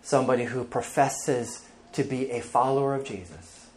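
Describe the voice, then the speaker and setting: A man's voice: mid-range voice, moderate pace, slight background noise. A male pastor preaching an emphatic sermon, reading scripture aloud and speaking directly to the congregation.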